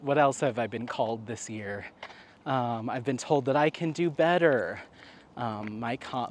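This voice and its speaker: A man's voice: fairly high pitch, a little hiss or hum. A man vlogging in a casual chatty way, rambling with frequent laughs and fillers. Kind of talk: casual chat to camera.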